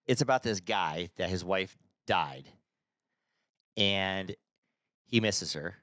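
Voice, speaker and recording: Middle-aged man, fairly low voice, rambling casual podcast talk with lots of restarts, dry close mic. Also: slow pace, a bit bright, dry recording. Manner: rambling, stumbles and restarts often. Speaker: podcast co-host. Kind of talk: casual chat.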